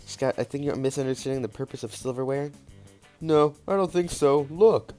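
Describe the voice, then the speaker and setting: A man voicing a dim, excitable young male werewolf jock in a video game, talking in a goofy, eager, bro-ish way. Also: medium pitch, normal speed, faint music behind, voice pushed up, natural voice.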